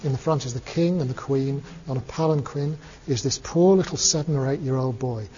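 Man, Buddhist teacher, relaxed storyteller, lo-fi with reverb. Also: mid-range voice, brisk, a little hiss or hum. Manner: relaxed, chuckling, many fillers. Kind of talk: storytelling talk. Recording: dull lo-fi recording, long reverb.

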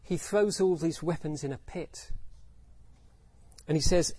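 A man's voice: fairly high pitch, unhurried, mellow, breathy edge, dry recording. Reflective man giving a Buddhist talk. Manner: reflective, poses rhetorical questions, acts out quotes. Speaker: Buddhist teacher. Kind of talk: Dharma talk with storytelling.

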